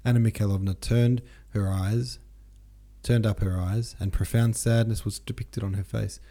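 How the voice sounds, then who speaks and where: An audiobook narrator, a man, reads a classic novel in a low, husky voice with a dark, mellow tone. His scripted delivery is steady and unhurried, and when he makes the occasional small slip he corrects it right away.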